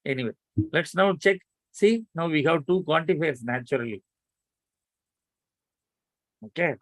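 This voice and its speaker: A man's voice: fairly high pitch, expressive, no room sound. Man teaching math online. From India. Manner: coaxing students to answer quickly.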